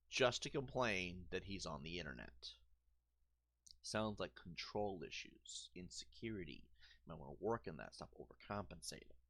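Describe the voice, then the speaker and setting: A man's voice: on the low side, fairly bright tone, dry recording, clean studio sound. Profane, combative male gaming streamer. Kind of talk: casual rant over gameplay.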